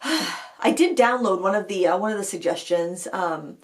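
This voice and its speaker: A woman's voice: mid-range voice, expressive, moderate pace. A woman hosting a casual live chat, telling rambling stories full of fillers and restarts. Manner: chatty storytelling with many fillers and restarts. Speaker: host of an art channel live chat.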